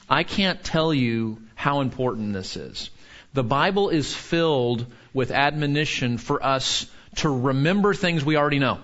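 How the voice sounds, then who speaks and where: A man's voice: mid-range voice, animated, measured pace, a bit bright. A man, a pastor, teaching from the Bible in an earnest, conversational way that is full of restarts. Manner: earnest, frequent restarts and filler words. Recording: slightly dull lo-fi sound.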